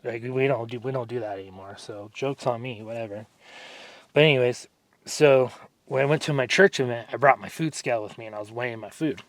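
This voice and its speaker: A man's voice: medium pitch, brisk, dry recording. A man vlogging casually during an arm workout, telling stories in a rambling way, full of fillers. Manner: rambling, filler-heavy storytelling. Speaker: fitness vlogger.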